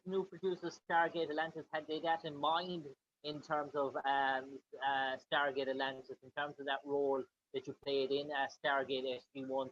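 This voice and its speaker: Man, interview host, long halting questions, higher voice, faint hiss, lo-fi. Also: fairly bright tone.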